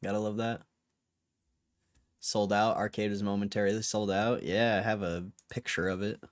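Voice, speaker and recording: This livestream host is a young man with a lowish voice, flat delivery and normal speed. His chat is casual and rambling, packed with slang, as he reads out comments from viewers.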